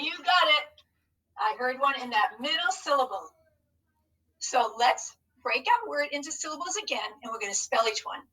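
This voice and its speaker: A woman teaching a phonics lesson on video, breaking words into syllables slowly and encouraging the class. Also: sits high, bright, forceful tone, recorded from a distance, low-quality recording. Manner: slow, encouraging, modelling each syllable.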